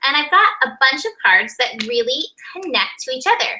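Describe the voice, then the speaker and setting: High bright chatty tarot-reading woman. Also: moderate pace, a little hiss or hum, poor audio. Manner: chatty, animated, acts out little quoted voices. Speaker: tarot reader co-host. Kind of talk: weekly tarot and astrology reading.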